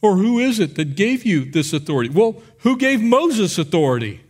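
A male pastor preaching a sermon, telling Bible stories in an animated way and acting out the people in them. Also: high-pitched, normal speed. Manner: animated storytelling, acts out biblical figures.

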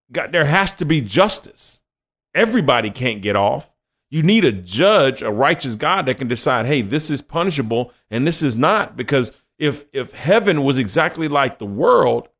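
A young adult man preaching a conversational sermon and reading scripture, acting out quoted voices as he goes. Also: a little high.

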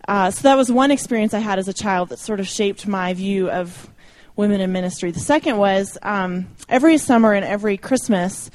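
A woman's voice: mid-range voice, fairly quick, hardly any pauses, a little mellow. A young adult woman speaking informally to a church audience about ministry, chatty and self-deprecating, with light laughs. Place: church meeting room.

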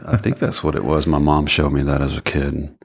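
A man hosting a podcast interview in a studio, relaxed and encouraging, with lots of affirmations. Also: a bass voice, fairly quick, creaky, slightly rough. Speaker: podcast host. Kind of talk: casual interview chat.

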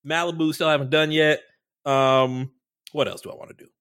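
A man co-hosting a podcast, chatting loosely and swearing freely. His voice sits a little high for a man. When he quotes someone, he drops into a much deeper tone. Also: fairly even intonation, moderate pace, fairly bright tone, smooth. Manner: loose and profane, acts out quoted voices deep and low. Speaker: podcast co-host. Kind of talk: casual chat.

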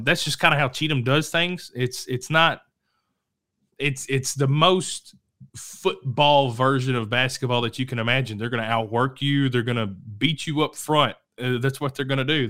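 A man hosting a local high school sports show, talking casually and rambling, correcting himself and coughing now and then. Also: sharp tone, smooth. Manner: rambling, self-correcting, chatty. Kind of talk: casual sports talk to camera.

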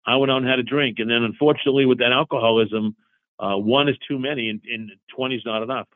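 A man's voice: mid-range voice, steady tone, fast talker, phone-quality sound. A man in his forties telling his own story as an interview guest, earnest and repetitive, acting out both sides of past conversations. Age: 40s. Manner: earnest, repeats himself, acts out both sides of dialogue. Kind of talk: confessional storytelling.

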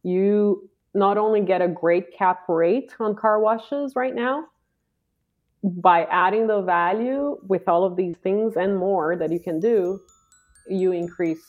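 A woman investor as an interview guest, easygoing and quick to laugh. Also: mid-range voice, phone-quality sound, faint music behind. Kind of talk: casual interview.

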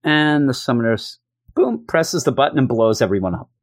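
A man's voice: mid-range voice, expressive, dry recording. Chatty man recapping a comic, dry sound. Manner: chatty, acts out the characters in quick put-on voices. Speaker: comic book reviewer. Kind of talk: casual recap of a comic issue.

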